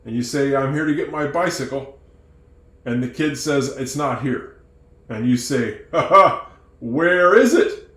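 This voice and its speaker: A man teaching English who tells a moral story, acting out its characters with lively changes of voice. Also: medium pitch, echoey room. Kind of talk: storytelling lesson.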